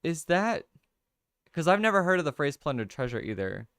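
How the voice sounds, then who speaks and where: A young man casually hosting a livestream, thinking out loud over crossword clues, reading viewer comments and laughing often. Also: fairly high pitch, big pitch swings, moderate pace, clean tone, dry recording, clean studio sound. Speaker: livestream host. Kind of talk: casual chat, solving a crossword with chat.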